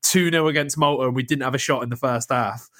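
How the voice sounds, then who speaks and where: Casting: young podcast co-host, lively and sweary, mid-pitched man, dry close sound. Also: fast, no room sound. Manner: animated, swears, laughs often. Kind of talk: casual football chat.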